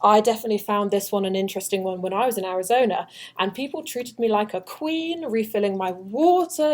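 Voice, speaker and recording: This study abroad orientation presenter, a young woman from the United Kingdom with a British accent, talks briskly in a fairly high, darkish voice. Her chatty, upbeat presentation includes jokes with her audience.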